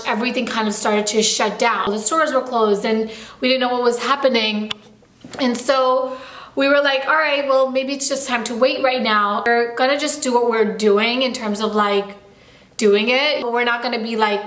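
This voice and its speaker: A young woman talks straight to her viewers in a bubbly, rambling vlog, her voice sitting a bit high and full of fillers. The sound carries an echo from the room around her. It feels like a casual chat with friends. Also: a bit bright. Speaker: vlogger. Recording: echoey room.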